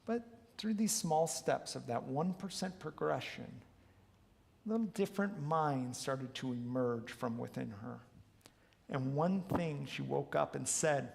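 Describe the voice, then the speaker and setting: A man leading a wellness workshop and telling coaching stories in an earnest, animated way. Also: mid-range voice, measured pace, vocal fry. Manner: earnest, animated storyteller who acts out quotes. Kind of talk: motivational storytelling talk. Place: large hall, live talk. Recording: long reverb of a hall.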